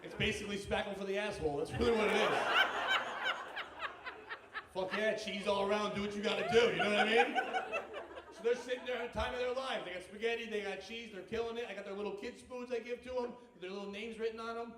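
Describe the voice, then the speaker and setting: A man doing a stand-up comedy set on a club stage, telling stories with animated, profane delivery. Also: sits high, fast talker, very noisy. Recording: echoey club, distant mic, audience laughter.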